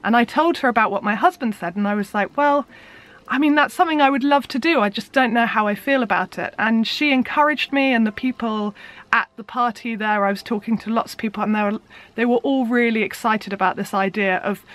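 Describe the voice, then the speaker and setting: A young woman speaks to camera in a casual vlog, her voice sitting a little high. She is bubbly and excitable, chatting freely with plenty of fillers as she explains her project. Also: fairly quick. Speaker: vlogger and musician.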